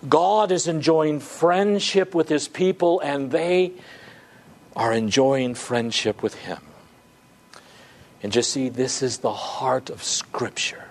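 A man's voice: medium pitch, slow. A male pastor preaching a sermon, earnest and stretching key words for emphasis.

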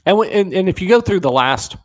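A man's voice: high voice, fast talker, slight background noise. A man hosting a talk radio show, giving a digressive opinion monologue with frequent restarts. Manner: animated, digressive, many restarts. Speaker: guest radio host. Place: radio studio.

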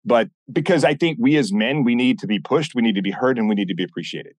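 A man guesting on a podcast, telling stories in a blunt, animated way and acting out what people said. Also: mid-range voice, fast talker, dry recording. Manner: animated, blunt, swears often, acts out quoted dialogue. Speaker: podcast guest, former military instructor. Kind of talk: casual interview storytelling.

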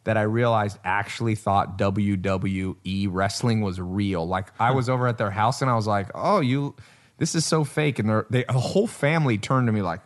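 A man's voice: medium pitch, normal speed. A man talking casually on a podcast, blunt and emphatic, swearing and laughing as he makes his points. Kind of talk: casual conversation.

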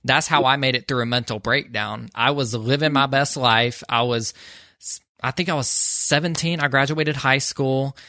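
A man's voice: mid-range voice, moderate pace, sharp tone, no room sound, studio quality. A young man hosting an interview, earnest and affirming as he asks questions and shares his own story. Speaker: podcast host. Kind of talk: interview conversation.

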